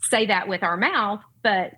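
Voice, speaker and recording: Her voice is medium-pitched, sharp, and slightly rough, with a measured pace, captured on a low-quality recording. She's a middle-aged parent and educator with a Southern US accent, speaking as a podcast guest in an earnest, heartfelt, faith-focused manner.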